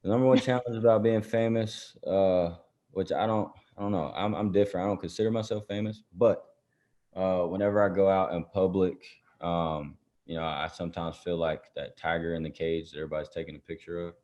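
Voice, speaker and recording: Deep-voiced man, soft and halting. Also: steady tone. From Chattanooga, Tennessee. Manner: soft-spoken, halting, with many fillers and restarts. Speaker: guest musician. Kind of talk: casual interview answers. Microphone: video call. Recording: muffled video-call audio.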